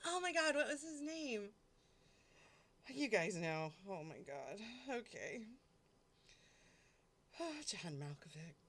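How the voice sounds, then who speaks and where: A woman hosts a live stream in a loose, rambling chat, cursing freely and giggling as she goes. Her voice is bright and forward, and she takes her time with each phrase. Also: lowish voice, very animated, slow, pauses often. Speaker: livestream host.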